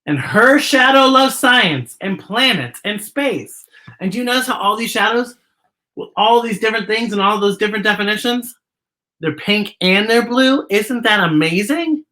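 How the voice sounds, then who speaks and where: Lively woman reading a storybook to kids. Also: medium pitch, moderate pace. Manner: animated, talks directly to young viewers. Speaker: children's story time host. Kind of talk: reading a picture book aloud to children.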